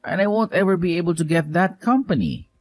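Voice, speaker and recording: A man's voice: sits high, sing-song, fairly quick, no room sound. A man playing a young cheating ex-fiancé who pleads and whines to get back together, in a narrated story drama. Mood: pleading. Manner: begging, whiny.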